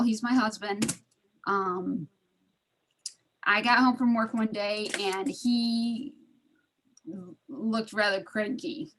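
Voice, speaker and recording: A woman's voice: a little high, slow, pauses often, sharp tone. A middle-aged woman chatting casually on a video call, laughing often and acting out the voices in a story. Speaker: study group participant. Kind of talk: casual storytelling in an online group.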